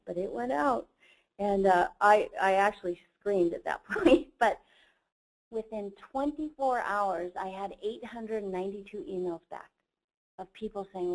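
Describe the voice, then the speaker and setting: A woman's voice: mid-range voice, moderate pace, low-quality recording. A woman who is a company chief executive, giving a motivational seminar talk and telling a personal story in an earnest way. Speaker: company CEO presenting a training program.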